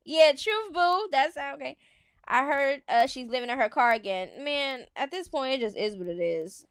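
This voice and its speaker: Brief: high-pitched woman streamer, sassy and blunt, dry close sound. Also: expressive, moderate pace, dry recording. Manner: blunt, sassy, laughs often. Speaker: stream host. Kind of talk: casual commentary chat.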